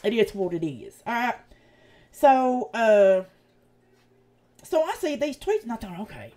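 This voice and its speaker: A woman with an East Tennessee Southern accent talks straight to her livestream chat in a blunt, profane rant. Her pitch swings widely up and down as she vents and jabs. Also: very animated, measured pace, dark tone. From United States. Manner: blunt, profane, heated ranting. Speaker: channel host. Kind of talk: casual livestream commentary.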